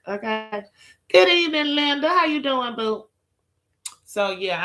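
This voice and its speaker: A woman's voice: medium pitch, a bit bright. A woman chatting with viewers on a live stream, sassy and profane, calling people girl, child and honey. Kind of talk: casual live-stream chat.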